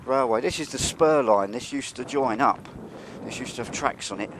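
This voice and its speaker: A man with a medium-pitched voice vlogs at a moderate pace while walking and filming near a railway yard. His casual commentary is chatty and wry, dropping to a mutter when he's sneaking, and the outdoor recording is noisy.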